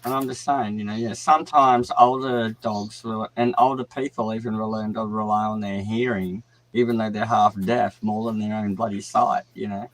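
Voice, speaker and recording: A man's voice: fairly low pitch, steady tone, normal speed, few pauses, poor audio. Brief: rambling, chatty male co-host on a live stream. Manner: chatty, rambling, repeats himself. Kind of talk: casual chat on a live stream.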